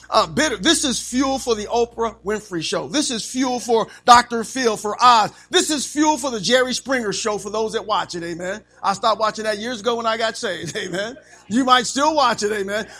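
Man, preacher, sermon, high-pitched, call-and-response, amens. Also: bright, forceful tone, poor audio.

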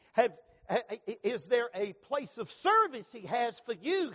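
A middle-aged male pastor delivers a fervent sermon in a high voice, pressing hard on key phrases before softening to a hushed altar call. The sound rings with long reverb in a church sanctuary. The recording is dull and lo-fi. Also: expressive, normal speed. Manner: fervent preaching, rising emphatic pitch, hushed at invitation.

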